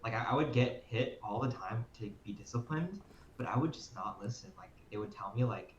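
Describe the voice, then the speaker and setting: A young man on a student podcast, talking in a relaxed, hesitant way with fillers. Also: medium pitch, brisk, slight background noise. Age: young adult. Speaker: podcast co-host. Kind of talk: casual chat. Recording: roomy, dull, with faint ambience.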